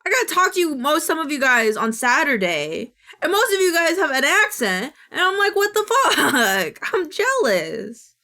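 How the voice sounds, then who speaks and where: Bright-voiced chatty American woman streamer. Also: high voice, normal speed. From United States. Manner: chatty, excitable, swears freely, reads and answers chat. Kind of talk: casual live-stream chat.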